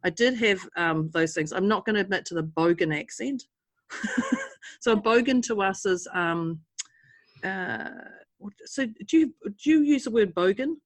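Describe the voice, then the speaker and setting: A woman's voice: medium pitch, animated, moderate pace, dry recording. A woman with a New Zealand accent co-hosting a podcast, chatting casually and laughing often. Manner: laughs often, bursts into silly greetings. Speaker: podcast co-host. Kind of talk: casual chat.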